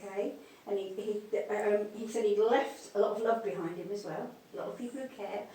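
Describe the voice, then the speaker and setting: A woman's voice: mid-range voice, a little fast, warm tone. A woman giving a live mediumship demonstration, speaking tenderly and calling people darling and sweetheart. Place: spiritualist church hall. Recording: echoey hall, distant mic, faint noise.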